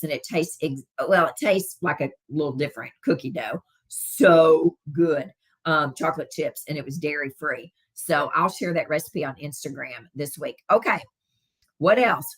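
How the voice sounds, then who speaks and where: Casting: middle-aged Southern woman, low voice, chatty live-stream host answering comments. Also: fairly bright tone. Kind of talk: casual live-stream chat with viewers.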